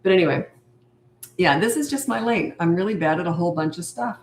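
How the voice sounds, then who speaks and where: An older woman with a lowish voice talks chatty and emphatic, answering viewers' questions as a parenting coach on a live stream and hammering her main points home. The room around her gives a clear echo. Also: brisk, slight background noise.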